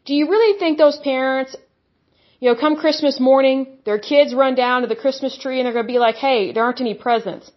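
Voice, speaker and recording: Woman preacher, high voice, blunt n scornful, kinda muffled recording. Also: a little fast. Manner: blunt, scornful, mocks opponents in put-on voices. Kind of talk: impassioned religious monologue.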